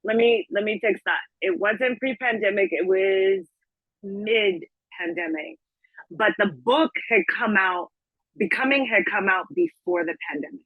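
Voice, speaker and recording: A woman's voice: medium pitch, lively intonation, no echo, phone-quality sound. A woman guesting on a podcast, speaking emphatically in casual chat and often jumping in to agree or correct. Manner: emphatic, quick to agree and jump in. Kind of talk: casual conversation.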